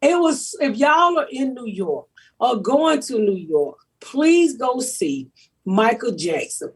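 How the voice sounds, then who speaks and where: A woman's voice: fairly high pitch, sing-song, slow, husky. A woman hosting a podcast, telling stories in a brash, profane, comedic chat style. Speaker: podcast host.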